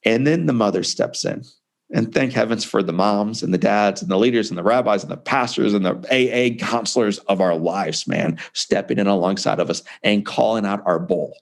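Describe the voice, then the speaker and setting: Man in his forties, low gravelly voice, emphatic conversational storytelling, heartfelt interview guest. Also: moderate pace. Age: 40s. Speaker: author and speaker, guest.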